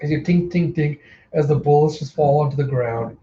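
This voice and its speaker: A chatty man narrates comic panels in a loose, animated way, often stopping to comment. His voice sits a little high but sounds mellow. It's a roomy, slightly dull home recording. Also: normal speed, slight background noise. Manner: chatty, animated, self-interrupting. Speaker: host. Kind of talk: casual comic readthrough narration.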